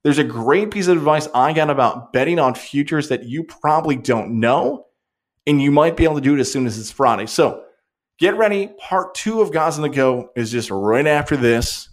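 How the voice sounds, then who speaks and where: Animated opinionated sports talk host. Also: male voice, fairly high pitch. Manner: opinionated, animated, rapid swings.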